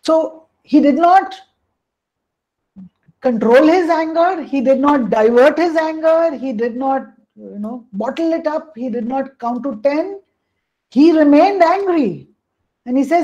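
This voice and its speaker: A woman's voice: high voice, animated, a little slow, warm tone, dull audio. A woman coach presenting a webinar on emotions, explaining at length and often saying "you know" and "hey, listen" over a call.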